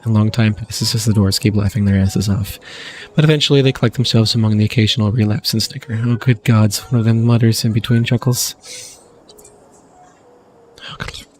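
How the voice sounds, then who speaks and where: A gaming channel host reads the game's text aloud while playing, often laughing and adding wry comments. His voice is fairly low with fairly even intonation, a little fast but broken by long pauses, and faint game music plays behind him.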